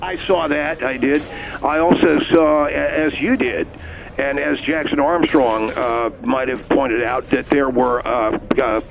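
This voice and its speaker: A man's voice: medium pitch, fairly even intonation, measured pace, lo-fi sound, crowd noise. A man playing a stammering, touchy cop on a call-in. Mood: flustered. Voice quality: stammering, gravelly. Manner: flustered, easily riled, outbursts. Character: excitable, touchy male police officer guest. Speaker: comedic caller playing a cop. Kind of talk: comedy radio bit.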